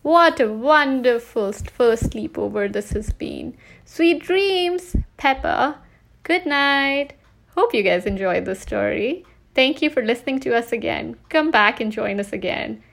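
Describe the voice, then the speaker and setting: A woman reading a children's story aloud in a slow, clear way. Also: fairly high pitch, lively intonation, fairly bright tone.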